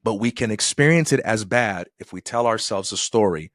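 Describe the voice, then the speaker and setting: A man's voice: on the low side, expressive, moderate pace, hardly any pauses, no echo. Thoughtful middle-aged man, dry close mic. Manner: thoughtful, acts out quoted people in dialogue. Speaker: podcast guest. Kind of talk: reflective conversational storytelling.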